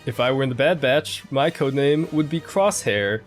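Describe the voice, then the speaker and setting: A man's voice: mid-range voice, moderate pace, soft background music. A man joining a casual panel discussion with a dry, understated manner.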